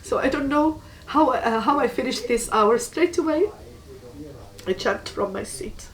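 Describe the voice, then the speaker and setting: A woman from Tunisia, giving a personal testimony in an earnest, halting way and repeating words for emphasis. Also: high-pitched, distant mic, rough recording. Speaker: guest giving a faith testimony.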